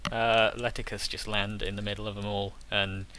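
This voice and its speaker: A man narrating as game master of a tabletop game, halting and full of restarts. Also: on the low side, flat delivery, bright, forceful tone, a little hiss or hum.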